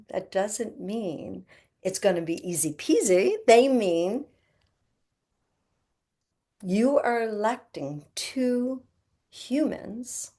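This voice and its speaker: A woman's voice: mid-range voice, darkish tone. A middle-aged woman, a healer and podcast guest, telling a spiritual story in an earnest way and acting out the voices in it.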